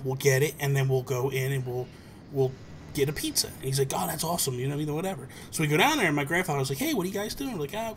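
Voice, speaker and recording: A man hosting a livestream, telling a childhood story in a rapid, animated way and acting out family members' voices. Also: mid-range voice, a little hiss or hum. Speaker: livestream host. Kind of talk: casual chat, storytelling.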